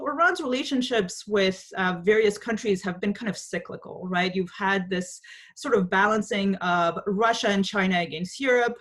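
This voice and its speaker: This is a woman with a fairly low voice giving panel remarks on a video call. She speaks in a measured, analytical way and hedges often with small fillers. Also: a bit bright.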